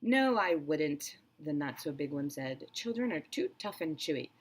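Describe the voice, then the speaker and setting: A smaller, fussier crocodile from a storybook, primly disgusted and plain-spoken, voiced by a woman reading aloud. His voice stays fairly low and steady. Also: normal speed, husky, exaggerated voice.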